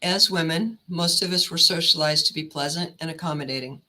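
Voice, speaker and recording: Bright-voiced woman coaching on pay. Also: sits low, brisk, low-quality recording. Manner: steady, instructive delivery. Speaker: career counselor. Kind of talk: presentation.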